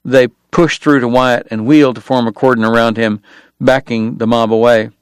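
A male audiobook narrator reads in a steady, measured way. His voice sits in a middle register. It is recorded close and dry, with no room sound. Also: mid-range voice, clean tone, dry recording. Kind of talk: scripted narration.

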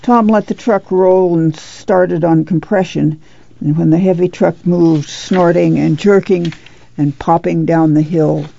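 A woman narrating a novel in a measured, low-key reading, on a dull lo-fi recording. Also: steady tone, vocal fry, dark tone. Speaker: audiobook narrator. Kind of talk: scripted narration.

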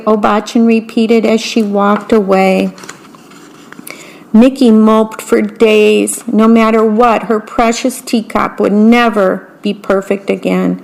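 Slow, careful woman reading a picture book. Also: medium pitch, little pitch movement, creaky, darkish tone. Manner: slow, careful, describes the pictures between passages. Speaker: storyteller.

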